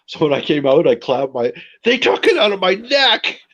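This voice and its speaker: A man chatting casually and sharing a relaxed anecdote. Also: on the high side, moderate pace, dull audio. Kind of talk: casual chat.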